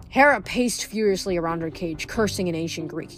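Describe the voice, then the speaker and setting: A woman reading a novel aloud in a steady, expressive narration. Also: medium pitch, a little fast, hardly any pauses, faint music behind. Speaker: audiobook reader.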